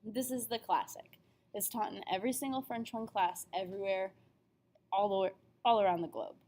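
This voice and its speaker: Woman, young adult teacher, upbeat, clear careful pronunciation, classroom lesson video. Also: medium pitch, fairly even intonation, moderate pace, darkish tone. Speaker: French teacher.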